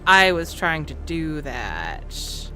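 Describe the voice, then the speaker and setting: Unhurried woman streamer, lively pitch. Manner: chatty, talks to herself and the game. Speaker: game streamer. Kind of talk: casual let's-play commentary. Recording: game music under the voice. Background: game music and sounds.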